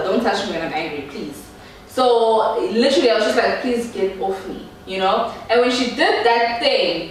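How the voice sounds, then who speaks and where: A young woman telling a story to her viewers in an animated, slangy way. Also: mid-range voice, recorded from a distance, a little hiss or hum. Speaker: vlogger. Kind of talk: storytime chat. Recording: echoey room, voice a bit off-mic.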